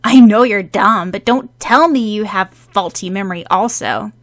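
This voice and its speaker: A scoffing, bratty young boy with a loud, slightly raised voice, as a woman puts him on in a storybook reading. He is smug and blunt, tossing off rude remarks with a huff. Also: medium pitch, normal speed, close to an everyday voice. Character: bratty sharp-tongued young orphan boy.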